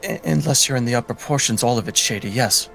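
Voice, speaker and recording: A man's voice: mid-range voice, quick pace, creaky, a bit bright, faint music behind. A male player at a tabletop session, casually explaining the rules and the lore. His voice sits in the middle range, with faint noise behind it.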